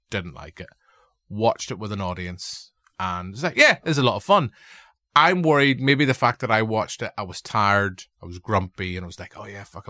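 Bright-voiced Northern Irish man. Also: lowish voice, dry recording, studio quality. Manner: animated, rambling and jokey. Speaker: podcast host. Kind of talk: casual chat.

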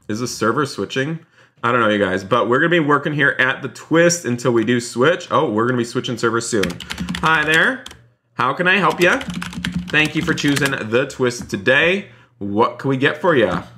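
A man live-streaming a role-play game, excitable, talking straight to his chat. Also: mid-range voice. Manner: excitable, keeps addressing the chat as "you guys".

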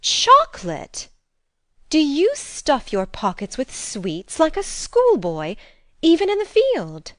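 Woman voicing a haughty young bulgarian lady, scornful, lively swoopy pitch, dry close sound. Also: moderate pace, dry recording. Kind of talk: audiobook drama reading.

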